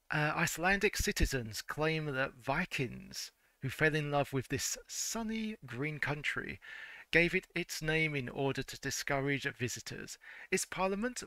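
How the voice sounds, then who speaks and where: Bright, chatty man reading aloud. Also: fairly high pitch, no echo. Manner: stumbling over words, self-correcting, laughing. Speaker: let's-play host. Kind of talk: casual gameplay commentary, reading game text aloud.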